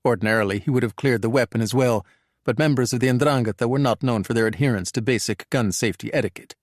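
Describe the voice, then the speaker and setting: A mid-range male voice tells a thriller audiobook in an even, measured way. The recording is dry and of studio quality.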